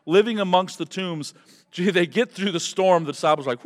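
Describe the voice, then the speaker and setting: A man preaching an expository sermon, telling the story with animated, emphatic delivery that builds to loud peaks. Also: sits high, fast talker. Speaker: pastor. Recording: long hall reverb.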